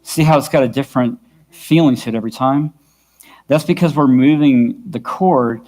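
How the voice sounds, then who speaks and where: A man with a mid-range, darkish voice speaks at a normal speed while teaching vocals to a church worship team. As a worship music instructor, he's patient and keeps checking that the group follows along, accompanied by his own guitar in the background.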